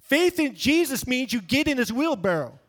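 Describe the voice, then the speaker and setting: A high-pitched man preaching an evangelistic sermon. He talks in an emphatic, conversational way and slips into little character voices when he tells a story. His delivery lifts and drops sharply for effect. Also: sing-song, moderate pace, fairly bright tone. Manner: emphatic and conversational, acts out quoted voices in anecdotes.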